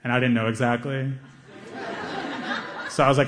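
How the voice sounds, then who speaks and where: A young man doing stand-up comedy, telling a story with animated delivery and acting out the people in it. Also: medium pitch, moderate pace, long pauses, long reverb tail, noisy background.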